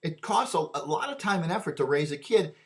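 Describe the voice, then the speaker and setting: A man's voice: on the high side, lively intonation, brisk. A man delivering a rambling opinion monologue, often repeating and restarting his words.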